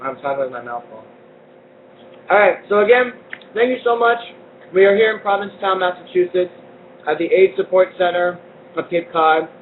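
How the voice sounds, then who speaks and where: A man with a high, bright voice hosts a casual live cooking segment in a community kitchen. He keeps things playful and jokey. The audio is tinny and narrow, like a phone line, with a faint rumble underneath. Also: expressive, normal speed, pauses often. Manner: playful, jokey, laughs often. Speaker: cooking show host.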